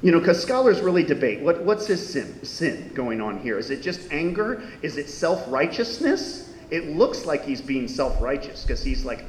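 A man preaching a sermon in a lively, conversational way, full of questions to his listeners. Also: normal speed, few pauses. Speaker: pastor. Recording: echoey hall with faint rumble.

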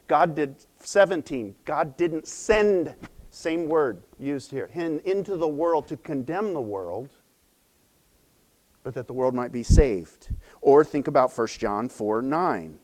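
A man's voice: fairly high pitch, slow pace. A middle-aged man, a pastor, preaching a sermon in a conversational, storytelling way. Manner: conversational storytelling with animated quoted voices.

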